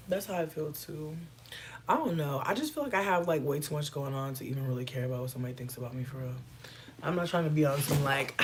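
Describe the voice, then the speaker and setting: A woman's voice: sits low, brisk. Chill woman streaming, cussing n joking w chat, bit of hiss behind her. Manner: laid-back, playful, swears freely. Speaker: livestreamer answering chat. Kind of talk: casual livestream chat.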